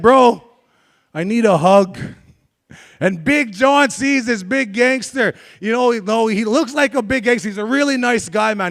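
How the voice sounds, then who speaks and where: A man with a very high voice gives a live talk, opening up frankly about his past and bantering with the audience. He speaks as a young adult storyteller addressing a room of listeners. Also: creaky, a bit bright.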